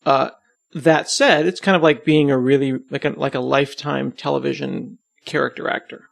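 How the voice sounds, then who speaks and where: Gravelly guy rambling in a casual podcast chat, self-deprecating, dry close sound. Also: medium pitch, fairly even intonation, moderate pace, no echo. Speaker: podcast host being interviewed.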